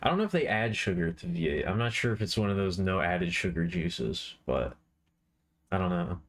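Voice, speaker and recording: A man's voice: low-pitched, lively intonation, moderate pace. Laid-back man chatting on a stream. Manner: rambling, playful, chatting with viewers. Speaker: art streamer. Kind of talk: casual live-stream chat.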